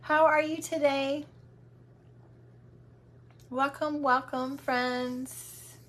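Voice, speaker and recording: High-voiced chatty woman craft host. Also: steady tone, very slow, a bit bright. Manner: chatty, affectionate, welcoming. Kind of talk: casual livestream chat.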